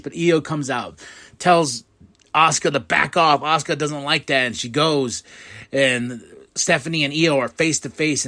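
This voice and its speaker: Excitable man recapping a show. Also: mid-range voice. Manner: excitable, acts out quotes in quick voices. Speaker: podcast host.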